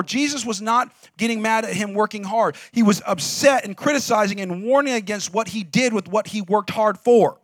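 A man preaching a sermon as a pastor, in a conversational, emphatic way with lots of "like", rising at times to shouts. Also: high-pitched, fairly quick, few pauses, dry recording, clean studio sound. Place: church.

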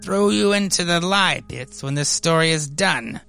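A man's voice: fairly high pitch, lively intonation, a little slow, gravelly, bright, forceful tone, clear, resonant tone, soft background music, pitched above the performer's own voice, full character voice. A man voicing a sadistic male horror writer who gloats over his captive, read aloud from a comic. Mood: gloating.

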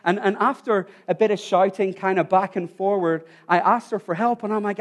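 A man preaching in a relaxed conversational way. He tells a story to his congregation and often restarts his words. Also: sits high, fairly quick, hardly any pauses. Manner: informal, restarts words, addresses listeners directly.

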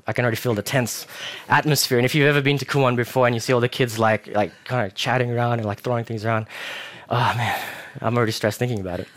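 A young man delivers a relaxed, conversational sermon in a voice of ordinary middle pitch. He tells stories with self-mocking humor and lively asides. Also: fast talker. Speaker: preacher. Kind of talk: casual sermon.

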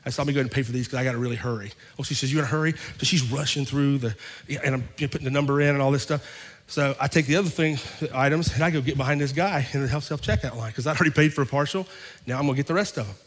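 Pastor telling a story in a reverberant hall. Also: male voice, mid-range voice, racing. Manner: animated storyteller acting out both sides of an argument. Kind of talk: sermon storytelling. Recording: long reverb of a large hall.

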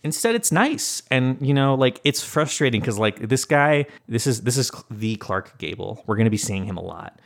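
A man co-hosting a podcast, talking about an old film in an animated, blunt way and swearing now and then. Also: mid-range voice, moderate pace, creaky, hardly any pauses. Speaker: podcast co-host. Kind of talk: casual film discussion.

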